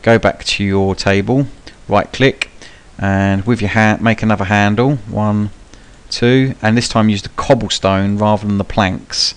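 A man's voice: lowish voice, fairly even intonation, a little slow, hardly any pauses, clear, resonant tone. A young man giving casual, rambling live commentary for a gameplay tutorial, with frequent ums and cheeky swearing. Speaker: gaming channel host.

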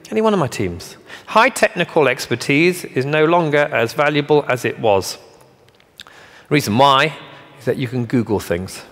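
A man's voice: medium pitch, a bit bright. A man giving a motivational keynote speech on stage, punchy and emphatic, with joking asides and rhetorical questions. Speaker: keynote speaker. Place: large conference hall. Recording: long hall reverb.

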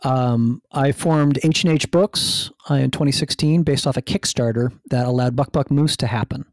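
Gravelly-voiced man talking enthusiastically. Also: medium pitch, moderate pace, no room sound, studio quality. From New Jersey. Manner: enthusiastic, rambling with many restarts. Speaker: guest, food writer and hunter. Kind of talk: podcast interview.

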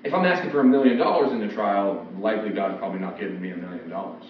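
A man preaches in a relaxed, conversational way and slips into quoted voices. His voice sits a little low and is picked up from a distance in a very echoey church. The sound is dull, with faint noise behind it. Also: racing. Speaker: pastor. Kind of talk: expository sermon. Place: church sanctuary.

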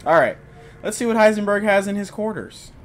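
Excitable young man doing game commentary. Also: sits high, brisk. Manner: jokey, excitable, yells when startled. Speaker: gaming YouTuber. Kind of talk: let's play commentary.

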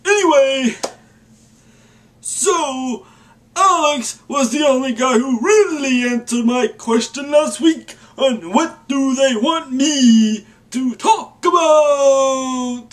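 A vlogger with a voice that sits high talks at a slow pace in a casual video blog. Their mock vampire voice keeps slipping into an old-man voice, and they joke at their own expense.

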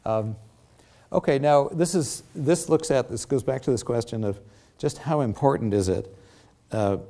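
An older man giving an academic lecture with slides, halting often and filling pauses with many ums and restarts. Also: fairly low pitch, warm tone. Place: lecture theatre.

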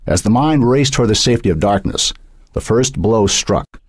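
Low husky guy reading a dark audiobook, lots of rise and fall, dry close sound. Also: lively intonation, moderate pace, no room sound. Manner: dark, suspenseful storytelling. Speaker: audiobook narrator. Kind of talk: scripted narration.

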